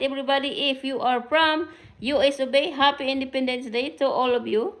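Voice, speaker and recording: A woman's voice: high-pitched, steady tone, fairly quick. A middle-aged woman from the Philippines with a Filipino accent, chatting casually to her viewers on a live stream and recording into a camera mic. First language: Tagalog. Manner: chatty, mixes in Tagalog, greets viewers by name. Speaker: vlogger and care worker.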